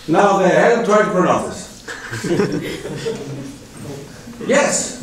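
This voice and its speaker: Male guest lecturer, high voice, emphatic and questioning, echoey hall mic set back. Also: lively intonation, measured pace, long pauses, recorded from a distance, slight background noise. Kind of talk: public lecture.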